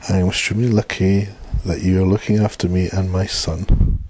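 A man's voice: deep voice, flat delivery, fairly quick, a little mellow, husky. A man voicing a downtrodden wife and mother who speaks meekly. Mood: subdued. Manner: meek and worn down.

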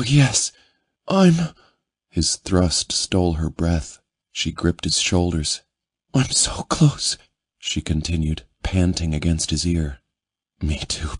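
A man narrating a romance audiobook in a measured, intimate reading. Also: extremely low pitch, slightly rough, dry recording, studio quality.

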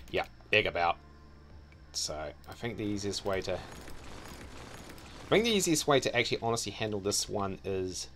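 Very deep-voiced New man muttering. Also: a bit bright. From New Zealand. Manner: muttering thoughts aloud, trailing off and correcting himself. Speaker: streamer. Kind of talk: casual gameplay commentary.

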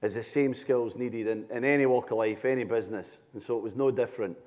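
Homem inglês falando num salão com eco. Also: male voice, medium pitch, fairly even intonation, fast, a little mellow. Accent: English. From England. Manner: reflective, with small restarts. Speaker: former professional soccer player, guest speaker. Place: large hall on stage. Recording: reverberant hall.

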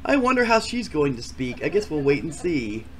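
A man's voice: fairly high pitch, big pitch swings, normal speed, voice pushed down. A man doing a drawling sarcastic game show host. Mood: wry.

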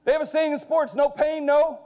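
Brash, punchy man keynoting, high voice. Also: little pitch movement, a little fast. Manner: brash, punchy, builds up to loud shouted punchlines; keeps checking in with the crowd with "okay?". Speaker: keynote speaker. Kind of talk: energetic stage keynote. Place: large lecture hall before a live audience.

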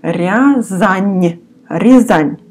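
A woman with a Russian accent teaching a language lesson, pronouncing each word slowly and repeating it several times. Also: medium pitch, animated, a little mellow, husky.

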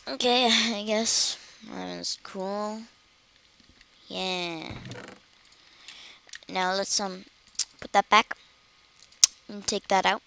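A woman's voice: medium pitch, steady tone, very slow, gravelly, pauses often, fairly bright tone. A woman giving casual, rambling commentary while playing a game, chatty and giggly. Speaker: gaming channel host.

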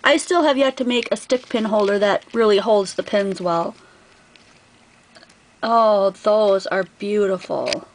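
A woman's voice: medium pitch, measured pace, slight background noise, poor audio. A woman craft vlogger opening a gift package on camera, gushing over each item in a casual, effusive way. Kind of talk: casual unboxing vlog.

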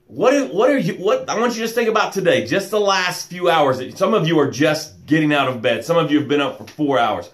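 A man hosting a live motivational stream, welcoming viewers by name and guiding slow breaths. He calls himself loud and boisterous. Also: a little high, animated. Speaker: motivational coach and show host. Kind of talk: live-stream pep talk with guided breathing.

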